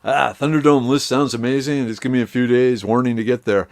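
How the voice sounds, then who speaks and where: A middle-aged man hosts a live stream, chatting casually and rambling in a relaxed way as he greets viewers by name. His voice sits in the mid range and moves a little fast.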